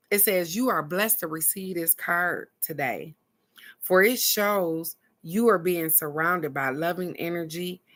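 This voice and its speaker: Low, bright-toned woman reading oracle cards. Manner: chatty, laughs often, reads card texts aloud slowly. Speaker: oracle card reader hosting a live stream. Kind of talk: casual live card reading to viewers.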